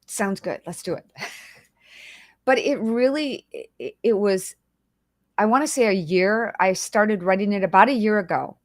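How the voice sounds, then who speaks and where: A woman's voice: mid-range voice, a little slow, pauses often, no echo, clean studio sound. Chatty woman hosting a livestream. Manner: chatty, greets viewers by name; emotional, fighting back tears. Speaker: livestream host. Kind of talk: casual livestream chat.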